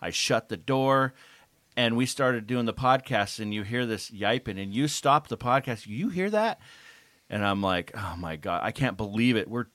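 Low-voiced male podcast co-host. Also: moderate pace, fairly bright tone, no room sound. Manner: easygoing anecdote teller. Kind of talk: casual storytelling chat.

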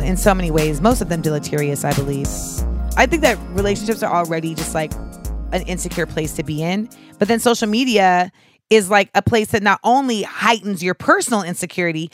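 Animated, foul-mouthed woman podcast host. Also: lowish voice. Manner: animated, profane storytelling with frequent asides. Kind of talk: casual podcast chat.

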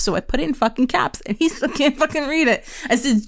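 A young woman from Pennsylvania co-hosting a podcast, telling stories in a profane, animated way. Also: fairly quick, few pauses. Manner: profane, animated storyteller, swings pitch high when quoting. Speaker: podcast co-host. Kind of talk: casual chat, storytelling.

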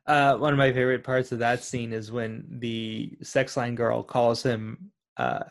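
Curious male co-host who questions his partner and builds his theories slowly, full of fillers. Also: medium pitch, flat delivery, vocal fry. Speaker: podcast co-host. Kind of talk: casual film discussion.

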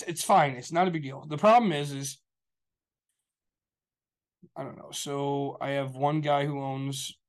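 A man talking casually on a show, telling a long story in a rambling, profane way full of fillers. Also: medium pitch. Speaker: show regular. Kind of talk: casual chat.

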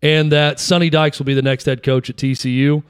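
A man co-hosting a sports talk show, telling stories in an animated way. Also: a little high, brisk, smooth, dry recording, studio quality. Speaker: sports radio co-host.

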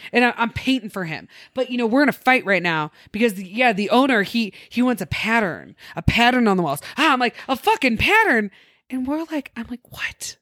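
A young woman co-hosting a podcast, telling stories in an animated way with laughter and acted-out voices. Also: on the high side, fairly quick, no echo, clean studio sound. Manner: animated, laughing, acts out quoted people. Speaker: podcast co-host. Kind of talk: casual storytelling chat.

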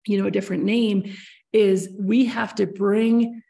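A woman's voice: mid-range voice, steady tone, a little slow, vocal fry, warm tone. A woman hosting a podcast, explaining ideas earnestly at length, with many restarts. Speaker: podcast host. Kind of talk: casual interview chat.

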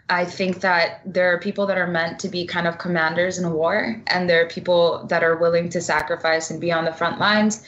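A woman's voice: on the low side, fairly bright tone, dull audio, a little hiss or hum. A woman guest talking bluntly and passionately in a casual interview, swearing freely.

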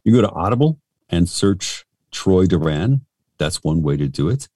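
A man's voice: low voice, big pitch swings, moderate pace, a little mellow, dry recording, studio quality. A middle-aged male voice actor talking casually and frankly in an interview, rambling and self-deprecating.

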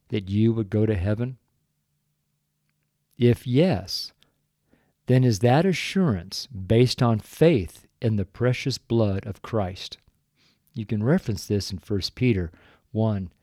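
A man's voice: on the low side, warm tone, dry recording, studio quality. An older man giving an earnest, folksy evangelistic sermon as a preacher, with chuckles here and there. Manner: earnest, folksy, breaks into chuckles, gets choked up. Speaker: street preacher.

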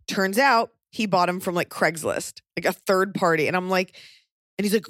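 Wry deadpan woman podcast host. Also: mid-range voice, moderate pace, no room sound, clean studio sound. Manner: wry, deadpan jokey rants. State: pregnant. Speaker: podcast host and touring comedian. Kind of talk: casual podcast chat.

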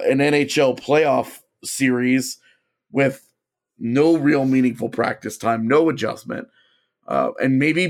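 Hoarse male co-host, mid-range voice, careful analytical chat. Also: medium pitch. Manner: thoughtful, hedging analysis. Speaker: podcast co-host. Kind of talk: casual sports talk.

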